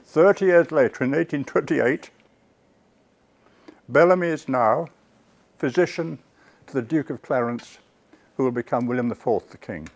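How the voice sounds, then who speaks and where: A man giving a public history lecture to a live audience. He tells the story with lively asides to the listeners and corrects himself mid-word. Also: medium pitch, moderate pace, pauses often. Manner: self-corrects and restarts words.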